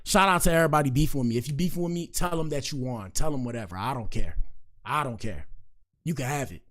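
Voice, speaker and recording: A man's voice: mid-range voice, fairly quick, a bit bright. A man hosting a casual livestream, reading viewer comments aloud and joking with his audience in slangy, direct talk.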